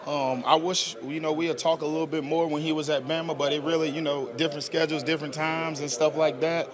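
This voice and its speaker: A man's voice: fairly high pitch, little pitch movement, a little fast, a crowd in the background. A young man, a football player answering press questions in an earnest, casual, slangy way. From South Georgia, US. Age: 20s.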